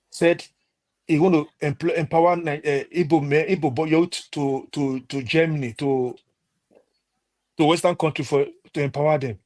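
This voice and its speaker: Nigerian guy on a panel, angry rant, keeps repeating himself, bit high voice. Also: darkish tone. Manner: indignant, repetitive, ranting. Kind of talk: heated panel discussion.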